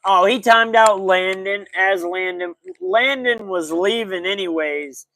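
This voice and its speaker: High-voiced casual sports podcast host. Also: male voice, a little slow, sharp tone, no room sound, low-quality recording. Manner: loose, slangy, greets chat viewers by name. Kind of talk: casual livestream sports talk.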